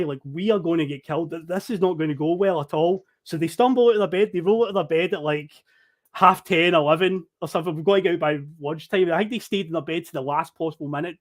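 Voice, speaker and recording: A Scottish man spinning a long, animated story for a podcast, swearing freely and laughing along. His voice sits a little high for a man, and he talks over an online call. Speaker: podcast guest. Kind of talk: casual storytelling.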